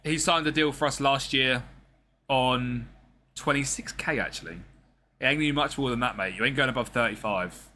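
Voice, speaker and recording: Speaking at a moderate pace in a mid-range, pushed and bright voice, a male gaming streamer keeps up loose, slangy commentary and chats with the game's characters. A slight background noise is audible.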